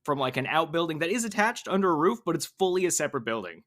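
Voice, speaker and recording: A man co-hosting a podcast, telling a story in a chatty, animated way, full of "like" and acted-out quotes. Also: a little high, quick pace. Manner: animated storyteller, lots of "like", acts out quoted people. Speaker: podcast co-host. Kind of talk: casual anecdote telling.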